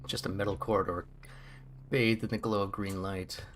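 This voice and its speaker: A man's voice: on the low side, little pitch movement, moderate pace, fairly bright tone, a little hiss or hum. A man narrating a game playthrough in a joking, storytelling way. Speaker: game streamer.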